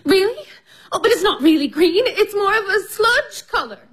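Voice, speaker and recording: A woman's voice: extremely high pitch, lively intonation, moderate pace, a bit bright. An actress playing a flustered, self-conscious young woman who talks nervously, in a radio drama. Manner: nervous and giggly.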